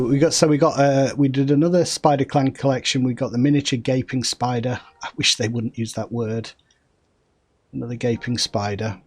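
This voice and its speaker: A northern English streamer with a Yorkshire-Lancashire accent muses aloud as he plays an online game, his casual commentary wry, joking and rambling. The voice is medium pitch with a darkish tone.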